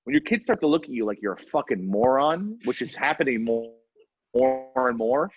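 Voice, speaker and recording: A man's voice: mid-range voice, sing-song, moderate pace, husky, no echo, lo-fi sound. A man in his forties hosting a podcast in casual chat, rambling and profane with self-deprecating asides. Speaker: podcast host.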